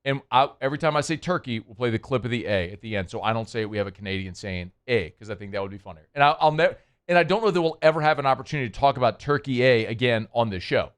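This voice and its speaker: A man's voice: mid-range voice, lively intonation, rapid-fire, hardly any pauses, smooth. A man hosting a sports radio show, chatting casually in a rambling, playful, self-deprecating way. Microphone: studio microphone.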